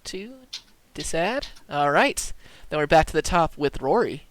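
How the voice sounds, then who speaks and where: A man's voice: fairly high pitch, lively intonation, unhurried, dry recording. A man narrating as dungeon master in a casual tabletop game, talking loosely with many fillers. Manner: loose, filler-heavy descriptions.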